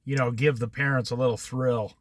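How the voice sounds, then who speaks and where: A man leading a Bible study, telling a family story in an animated, laughing way. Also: mid-range voice, fairly quick, no echo. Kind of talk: anecdotal Bible study talk.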